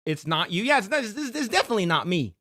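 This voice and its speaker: A man's voice: high voice, big pitch swings, fast talker, bright, forceful tone. A man streaming live, reacting to his chat in a defensive, joking way, swearing and laughing often.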